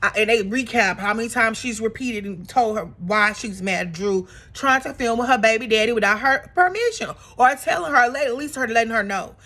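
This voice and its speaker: A woman recapping a reality TV episode in a casual, gossipy vlog, animated and chatty, with plenty of fillers. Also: on the high side, a little fast, few pauses. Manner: animated, acts out quotes in exaggerated voices; chatty with frequent fillers and laughs.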